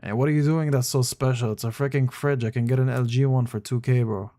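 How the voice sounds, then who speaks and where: A man's voice: mid-range voice, steady tone, fast, mellow. A young man chatting casually, blunt and slangy, reacting with disbelief. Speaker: streamer reacting to chat. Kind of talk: casual chat.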